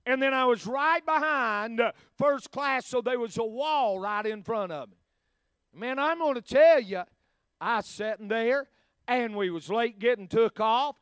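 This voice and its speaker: Man, country preacher, very high voice, smooth and clear. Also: measured pace, dry recording, studio quality. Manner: folksy, animated, swings from loud to hushed. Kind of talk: storytelling sermon.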